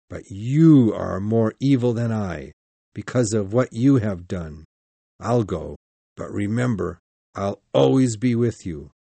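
A man doing Frankenstein's monster, slow and menacing. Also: medium pitch, creaky, mellow, no echo. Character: vengeful male monster, bitter and menacing.

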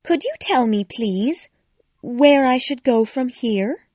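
A woman's voice: on the high side, expressive, slow, a little mellow, no echo, voice pushed up. A woman reading a storybook aloud and voicing a polite, curious young girl in a raised voice.

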